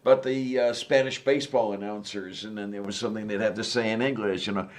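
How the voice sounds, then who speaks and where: A man's voice: fairly low pitch, fairly even intonation, fast talker. A man in a casual chat, easygoing, rambling through everyday anecdotes.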